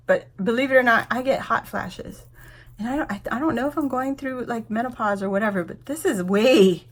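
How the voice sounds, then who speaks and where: Gushing, excitable woman from Guam. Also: on the high side. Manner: gushing, excitable, laughs often, near tears. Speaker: YouTube host. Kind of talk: casual unboxing vlog.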